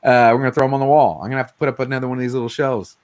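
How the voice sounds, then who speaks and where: Man host, casual late-night chat, animated delivery, acts out quotes, mid-range voice. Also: mid-range voice, very fast. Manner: loose, animated storytelling with acted-out quotes.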